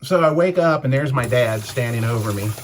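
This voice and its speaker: A man's voice: mid-range voice, animated, fairly quick, noisy background. A man in his fifties rambling through an anecdote while shaving, chuckling as he reviews shaving gear. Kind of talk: casual vlog storytelling while shaving.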